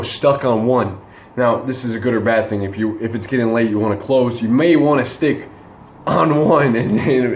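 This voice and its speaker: A young man tells a night-out story in a loose, slangy ramble, restarting sentences and filling gaps with "like" and "man." His voice sits at a middle pitch. The room around him is echoey. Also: a little mellow. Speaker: dating advice vlogger. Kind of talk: casual storytelling monologue.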